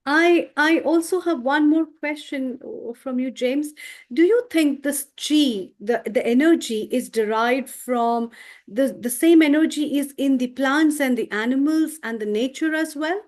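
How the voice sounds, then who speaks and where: Woman, panel host, reflective, gently affirming, slightly high voice, video call. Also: measured pace. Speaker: host interviewer. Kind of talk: online panel interview.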